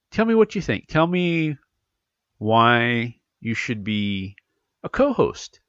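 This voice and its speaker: A man hosting a casual solo podcast, rambling and animated, sounding congested from allergies. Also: mid-range voice, dry recording, dull audio. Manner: rambling, animated, self-correcting. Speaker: podcast host.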